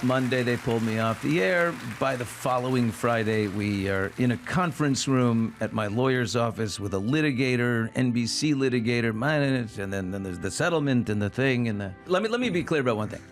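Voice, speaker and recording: Halting middle-aged man in an interview. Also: mid-range voice, expressive, soft background music. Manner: halting, frank, with restarts and bursts of emphasis. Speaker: interview guest. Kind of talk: candid interview talk.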